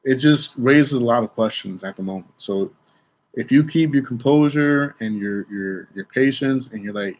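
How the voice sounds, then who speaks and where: A man's voice: mid-range voice, normal speed. A young man, an airport security officer, telling a work story to his viewers in a chatty way, often checking in with "okay?" and restarting his sentences. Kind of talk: casual storytelling vlog.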